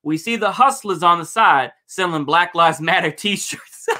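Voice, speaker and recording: A man's voice: a little high, huge pitch swings, measured pace, sharp tone. A man casually commenting on footage during a livestream, rambling and swearing with lots of fillers. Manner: rambling, profane, many fillers. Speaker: streamer reacting to protest footage.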